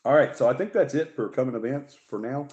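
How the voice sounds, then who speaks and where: A man's voice: medium pitch, fast talker, a little mellow, muffled recording. A man hosting a paranormal talk show in casual, rambling live-stream chat, joking and restarting his sentences. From Alabama.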